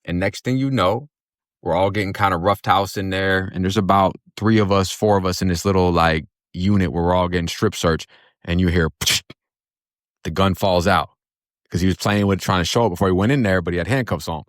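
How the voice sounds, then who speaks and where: Man, from Florida, very deep voice, dry close sound, blunt profane streetwise storytelling. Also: brisk, dry recording. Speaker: storyteller recounting his own past. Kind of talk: casual spoken storytelling.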